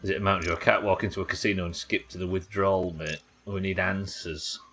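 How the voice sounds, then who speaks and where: A man's voice: low-pitched, steady tone, fast talker, fairly bright tone, faint music behind. A young British man streaming a game live, chatting casually, laughing often and swearing freely. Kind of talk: casual live gameplay chat.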